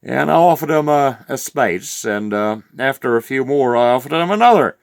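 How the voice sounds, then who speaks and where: A man's voice: medium pitch, animated, moderate pace, gravelly, smooth, no room sound, clean studio sound. A man voicing a crude, rambling old rural farmer from New Zealand with a Southland accent, telling a comic yarn in a meandering drawl full of "uh" fillers. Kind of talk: comic character monologue.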